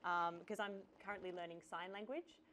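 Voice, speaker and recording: A woman's voice: fairly low pitch, fairly even intonation, fairly quick, a bit bright, a little hiss or hum. A woman, a comedian guest on a panel quiz, self-deprecating and playful, often laughing as she talks. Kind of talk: comic banter on a panel show.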